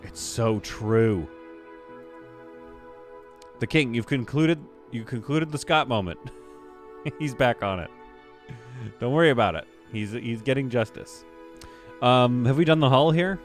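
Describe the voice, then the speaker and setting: A man's voice: mid-range voice, expressive, moderate pace, long pauses, faint music behind. A man chatting casually on a live game stream, rambling and self-amused. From Canada. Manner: rambling, self-amused, many fillers and restarts.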